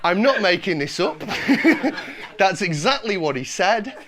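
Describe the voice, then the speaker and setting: A man's voice: high voice, animated, unhurried, fairly bright tone. A Scottish man performing stand-up in a small club, wry and self-deprecating. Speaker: stand-up comedian. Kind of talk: stand-up comedy.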